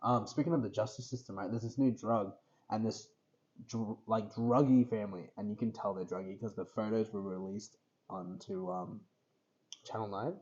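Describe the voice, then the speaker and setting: Rambling young Australian man, low voice. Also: steady tone, moderate pace, mellow. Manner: rambling storytelling, heavy fillers and swearing. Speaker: podcast co-host. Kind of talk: casual chat. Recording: dull lo-fi podcast audio.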